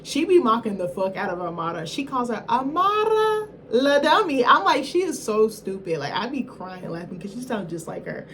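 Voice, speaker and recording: A woman's voice: a little high, animated, normal speed, few pauses, a bit bright, a little hiss or hum. A woman reviewer giving a casual film recap in a rambling, slangy, profane way, often correcting herself mid-thought.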